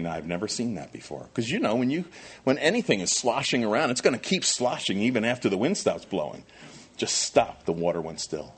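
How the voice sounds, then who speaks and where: Male pastor preaching; husky voice with a lively, swinging delivery. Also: mid-range voice. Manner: animated, swings from quiet asides to loud emphatic questions. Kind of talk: sermon.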